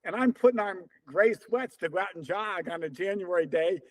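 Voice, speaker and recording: A man's voice: high-pitched, normal speed. A man around seventy telling stories in an interview, acting out remembered dialogue. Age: about 70. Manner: lively, acts out remembered dialogue in quotes. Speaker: interview guest, veteran distance runner. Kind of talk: conversational storytelling.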